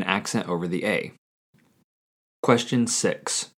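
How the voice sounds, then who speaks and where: Man, low voice, podcast host, scripted language lesson, slow careful repeats. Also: expressive. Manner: slow, careful repetition of answers.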